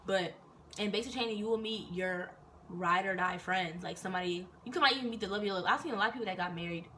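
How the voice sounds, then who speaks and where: A young woman and soldier telling stories in a casual, animated, profane and rambling chat, recorded indoors. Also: medium pitch, quick pace. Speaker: vlogger and soldier. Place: indoors in Korea. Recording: distant mic with faint noise.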